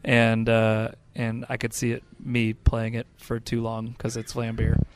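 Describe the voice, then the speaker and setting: A man's voice: medium pitch, monotone, measured pace, clear, resonant tone. A man co-hosting a casual podcast chat about games, rambling with lots of fillers and restarts. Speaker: podcast co-host.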